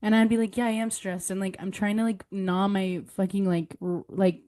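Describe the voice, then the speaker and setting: A woman's voice: medium pitch, flat delivery, moderate pace, dark tone, no room sound. A young woman co-hosting a podcast in casual chat, telling candid stories full of "like" and acting out what others said. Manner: candid storytelling, many "like"s, mimics others in quotes. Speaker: podcast co-host.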